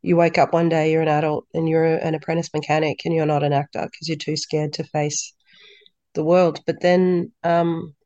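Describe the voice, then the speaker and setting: A woman, a podcast guest telling stories in a lively way and acting out dialogue. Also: low voice, normal speed, dry recording, muffled recording. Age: 30s. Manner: lively storyteller who acts out quoted dialogue. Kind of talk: casual interview chat.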